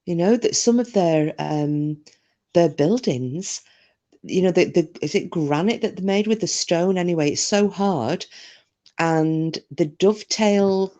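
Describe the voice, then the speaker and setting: A woman's voice: fairly low pitch, a little slow, mellow, dull audio. A woman from England hosting a casual livestream chat, talking freely and reading out viewer comments with self-deprecating humour. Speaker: livestream host.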